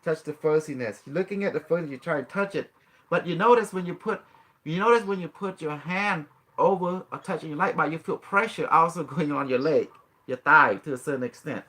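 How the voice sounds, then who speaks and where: Bright-voiced man coaching a guest. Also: on the high side, fairly quick. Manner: instructive, coaxing, laughs often, non-native grammar. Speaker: host teaching a guest. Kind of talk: casual guided demonstration.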